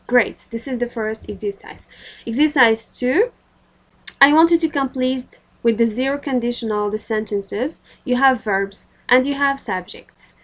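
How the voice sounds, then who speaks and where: Slow, patient woman teaching grammar. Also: a little high, fairly bright tone, poor audio. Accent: Moroccan. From Morocco. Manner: patient, instructive, with frequent fillers. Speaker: English teacher. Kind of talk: recorded grammar lesson.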